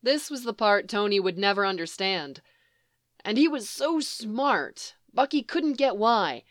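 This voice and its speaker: A woman reading fan fiction aloud in an even storytelling manner. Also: medium pitch, measured pace, no echo, clean studio sound. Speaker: reader.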